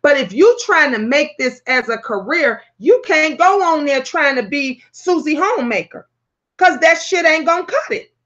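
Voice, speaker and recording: A woman hosting her own talk vlog, telling stories in a brash, profane, animated way. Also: sits high, normal speed, highs cut off. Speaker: talk show host.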